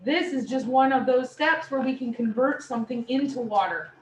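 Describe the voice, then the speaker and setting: Woman instructor, high voice, playful lecture style, echoey room recorded from a distance. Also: normal speed. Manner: animated, playful explanations. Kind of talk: classroom lecture. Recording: echoey room, distant mic, faint noise.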